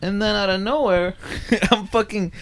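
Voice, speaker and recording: A young man hosting a podcast, telling an animated story with lots of swearing and laughter. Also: sits high, moderate pace. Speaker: podcast host. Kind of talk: casual chat.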